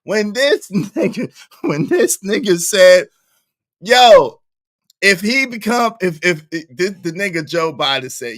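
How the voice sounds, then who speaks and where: Man ranting on a livestream, bright voice, lively pitch swings, slow drawn-out delivery, dry close sound. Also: dry recording. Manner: animated, profane, laughing, emphatic repetitions. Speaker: livestream commentator. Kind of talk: casual reaction commentary.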